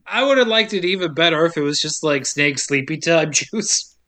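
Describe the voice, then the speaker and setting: A man's voice: fairly high pitch, lively intonation, bright, forceful tone. A man co-hosting a podcast, recapping a movie in a joking casual way and laughing often. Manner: joking, laughs often, mimics characters in quick asides.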